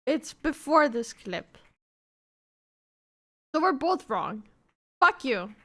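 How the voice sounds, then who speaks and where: A woman live-streaming, chatting loosely with her viewers. Her voice sits very high and sounds bright and sharp, and her pitch swings widely as she teases chat and swears freely. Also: sing-song, takes it slowly. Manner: profane, teasing banter with chat; greets viewers by name. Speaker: livestreamer.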